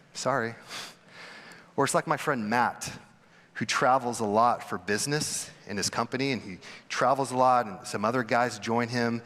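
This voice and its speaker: A young adult male pastor preaches in a relaxed, conversational way, breaking into animated mimicry of the people in his stories. His voice sits at an average pitch for a man. The sound carries a long hall reverb from the church sanctuary. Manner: conversational, acts out quoted voices with big pitch jumps. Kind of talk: sermon.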